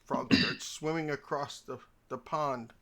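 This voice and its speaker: A man acting as game master in a tabletop role-playing game, telling stories in a theatrical way with lots of pitch shifts. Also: steady tone, unhurried, creaky, bright, forceful tone, a little hiss or hum. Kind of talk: narrating and voicing characters in a tabletop game.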